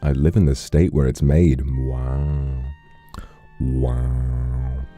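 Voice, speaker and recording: A man's voice: rumbling low, steady tone, normal speed, warm tone, husky, soft background music. A man hosting a casual live stream, rambling through anecdotes and thanking donors. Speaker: livestream host.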